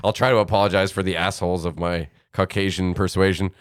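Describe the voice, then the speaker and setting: Deep fast-talking man. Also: fairly even intonation, clean tone, dry recording, studio quality. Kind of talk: casual chat.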